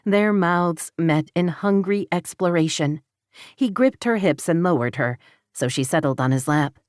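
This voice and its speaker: A woman narrating an audiobook romance in a steady, even storytelling manner. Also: fairly low pitch, unhurried, dry recording, studio quality. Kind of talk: scripted narration.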